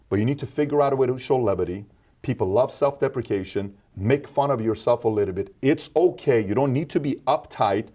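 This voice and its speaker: A man from Iran, a podcast guest and entrepreneur, telling stories and acting out quoted exchanges with sudden jumps in pitch. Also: warm tone, husky. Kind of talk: animated storytelling interview talk.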